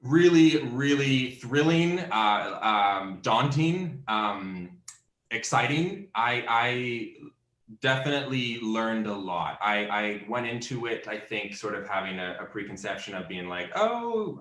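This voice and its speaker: A man's voice: on the low side, a bit bright. A young man from Canada, a guest musician, chatting casually in an interview with many fillers and self-corrections. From Canada (Alberta). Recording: roomy echo.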